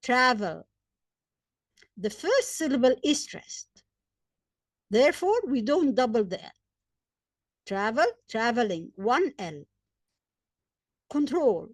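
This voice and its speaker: A woman with Arabic as her first language teaches English grammar at a slow, careful pace. Her fairly high voice rises and falls a lot as she stresses each example and spells out letters. The recording is dry and close. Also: big pitch swings, no echo. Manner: hesitant fillers between points. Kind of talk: slow, deliberate grammar lesson.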